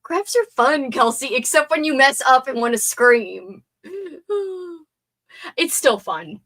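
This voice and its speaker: A woman's voice: sits high, lively intonation, slow pace, fairly bright tone. A young woman hosting a casual livestream, chatting to herself as she crafts and sometimes swearing under her breath. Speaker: livestream host.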